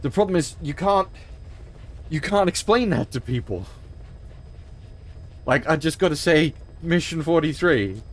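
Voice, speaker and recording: A man's voice: on the high side, animated, a little slow, long pauses. A man streaming a game in a loose, rambling chat, swearing freely as he reacts and sounding a little choked up. His voice sits a touch above the usual male range. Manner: rambling, emphatic, swears often. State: emotional, choked up. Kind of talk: casual livestream commentary.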